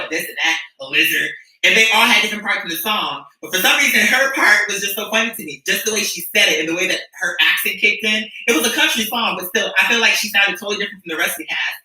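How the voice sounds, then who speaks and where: A rambling, profane streamer chats with viewers, sassy and quick to restart sentences. The voice is very bright and sharp. It rings around a very echoey room from a mic set well back. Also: medium pitch, recorded from a distance. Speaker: streamer and musician. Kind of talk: casual chat with viewers.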